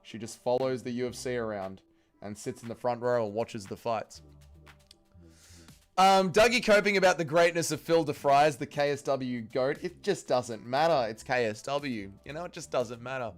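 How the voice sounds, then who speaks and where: A man's voice: mid-range voice, moderate pace, faint music behind. A man hosting a casual watch-along livestream, reading chat aloud and joking crudely, swearing freely. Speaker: livestream host.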